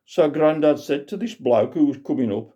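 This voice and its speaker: Man spinning a tall tale, mellow dark voice, dull lo-fi sound. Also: fairly high pitch, animated, moderate pace. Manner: rambling, chatty, fillers. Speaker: storyteller. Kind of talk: comic folk tale told aloud. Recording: dull lo-fi recording.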